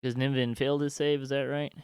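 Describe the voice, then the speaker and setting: A man running a tabletop game as game master on a stream, talking in a relaxed, halting way full of fillers. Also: mid-range voice, slight background noise.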